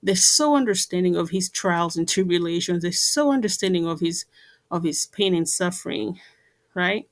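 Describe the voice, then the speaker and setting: A woman's voice: on the low side, expressive, moderate pace. A woman giving an earnest talk to camera, repeating herself and using many fillers. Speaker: vlogger.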